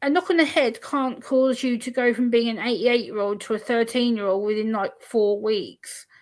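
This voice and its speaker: A woman chats over a video call in a fairly high voice. She tells a personal story with lots of life, putting on the voices of the people in it. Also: normal speed. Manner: animated storyteller acting out quoted voices. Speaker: guest. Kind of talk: casual chat.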